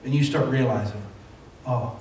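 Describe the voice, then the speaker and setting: A man preaches a sermon, chatty and storytelling, then rising to emphatic calls. His voice sits a little high. He is heard from a distance in a very echoey church hall, with faint noise behind him. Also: normal speed. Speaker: pastor.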